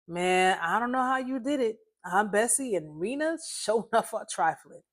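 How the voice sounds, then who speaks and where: A woman voicing Kid, an excitable, nosy young man in a storybook reading. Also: mid-range voice, normal speed, lightly acted. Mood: excited.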